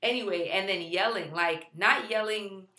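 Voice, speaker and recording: A woman's voice: medium pitch, normal speed, bright, forceful tone, echoey room. A woman who is a mother and vlogger, chatting casually to camera in a playful way, using lots of fillers and sometimes turning to talk to her baby. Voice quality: chatty, filler-heavy delivery. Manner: playful, talks to the baby in between.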